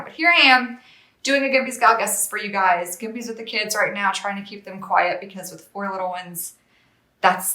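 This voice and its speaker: A woman's voice: mid-range voice, pushed and bright, echoey room. A woman chatting casually as a regular presenter, reading out a board game box with rambling, self-deprecating asides.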